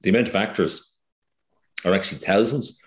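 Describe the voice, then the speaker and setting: An Irish actor talking casually as an interview guest, hesitant, with many fillers and restarts. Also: male voice, fairly low pitch, a little fast, reverberant.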